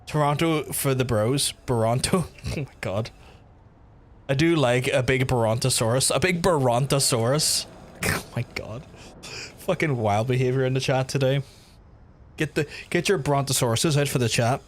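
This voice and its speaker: Brief: Belfast male streamer, mid-pitch, loose and animated, swears a lot, quick halting restarts. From Northern Ireland. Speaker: livestream host. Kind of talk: casual chat with livestream viewers.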